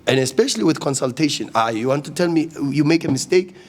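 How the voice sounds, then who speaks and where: Fired-up coach, high-pitched. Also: male voice, animated, fast talker. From South Africa. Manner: passionate, repeats words when agitated. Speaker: football coach. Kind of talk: post-match press conference.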